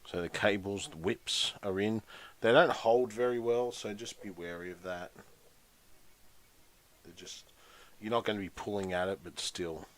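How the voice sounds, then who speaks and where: A man's voice: fairly low pitch, fairly even intonation, measured pace, pauses often. A man hosting a casual live stream, chatty and muttering to himself while concentrating on a build.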